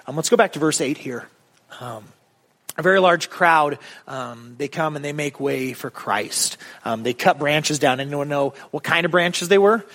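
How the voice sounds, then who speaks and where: A man's voice: a little high, expressive, normal speed, a bit bright, long reverb tail. A man preaching a sermon as pastor, casual and conversational with many ums, building to emphatic questions. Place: church sanctuary.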